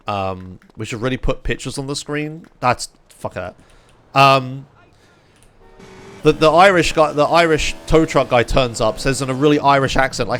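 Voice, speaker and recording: A man's voice: fairly high pitch, lively intonation, normal speed, fairly bright tone, soft background music. A young British man, a streamer, telling a rambling story to his chat, swearing freely and full of fillers.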